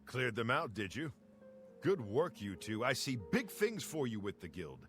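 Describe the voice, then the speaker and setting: An actor playing a brisk, approving middle-aged guild boss in a fantasy video game. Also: male voice, mid-range voice, big pitch swings, fairly bright tone, soft background music.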